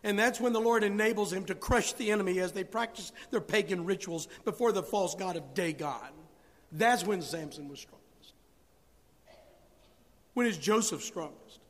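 A man's voice: high-pitched, moderate pace. A man preaching a sermon with rising emphasis, acting out biblical dialogue. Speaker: pastor. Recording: long hall reverb.

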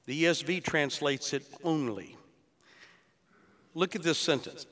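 A man's voice: a little high, measured pace, long pauses, a bit bright. A male pastor preaching an expository sermon, explaining scripture in an earnest teaching tone that builds to emphatic peaks. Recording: long reverb of a large hall.

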